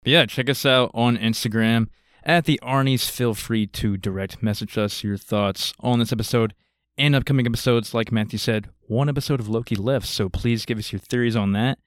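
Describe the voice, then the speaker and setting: A man's voice: medium pitch, normal speed, no room sound, studio quality. A man co-hosting a movie review podcast, with laid-back asides and a plain sign-off in casual chat. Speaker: podcast co-host.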